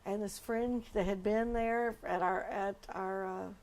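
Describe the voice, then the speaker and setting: A woman's voice: medium pitch, fairly even intonation, measured pace, darkish tone. A woman pastor speaking in a documentary interview, earnest and emotional as she tells her story.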